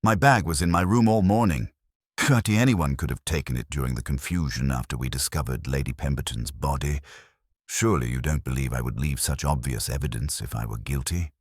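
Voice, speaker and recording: A man's voice: rumbling low, a little fast, breathy edge, dry recording, studio quality. A man voicing a desperate male doctor who pleads his innocence.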